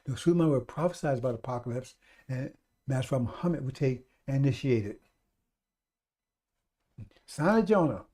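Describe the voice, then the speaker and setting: A man's voice: mid-range voice, lively intonation, normal speed, long pauses, mellow. A man preaching on live radio, urging his listeners again and again and calling them brothers and sisters. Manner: urgent, repetitive exhortation. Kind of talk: sermon on a live radio stream.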